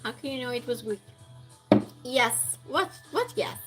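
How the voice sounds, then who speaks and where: A woman's voice: fairly high pitch, lively intonation, measured pace, over loud music, low-quality recording. A woman hosting a trivia game on a live stream, chatting casually and reading out and answering viewers' messages. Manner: chatty, reads chat aloud and answers viewers.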